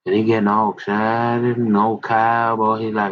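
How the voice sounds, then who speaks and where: A middle-aged man rambles through casual stories about his high school days, acting out the voices of the people he quotes in animated fashion. His voice is on the low side at a moderate pace, captured on a dull lo-fi recording.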